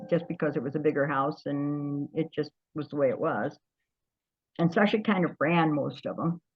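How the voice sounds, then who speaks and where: An older woman, an interview guest, telling stories from her past in a lively way, often trailing off and starting over. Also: deep voice, husky, dull audio. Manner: lively storyteller, trails off and restarts. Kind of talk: storytelling reminiscence.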